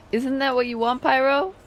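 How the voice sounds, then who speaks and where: A woman game streamer chats casually on a live stream, her voice high-pitched and her pace measured, though the recording is muffled. Relaxed and chatty, she talks to her chat and hums along while she plays.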